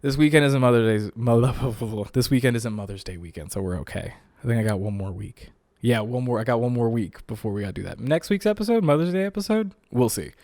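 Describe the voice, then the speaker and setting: A man's voice: lowish voice, a little fast, darkish tone. A young man hosting his own podcast at home, chatting casually and joking with lots of filler words while still tired and a bit out of breath. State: tired and a bit winded after illness. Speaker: podcast host. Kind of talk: casual solo podcast monologue. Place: home recording setup.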